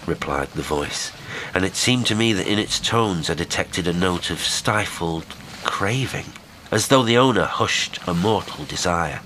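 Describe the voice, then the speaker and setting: A man reading a horror story aloud, with measured, dramatic storytelling. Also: sits low, a bit bright, slight background noise, poor audio. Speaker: podcast narrator. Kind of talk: scripted horror narration.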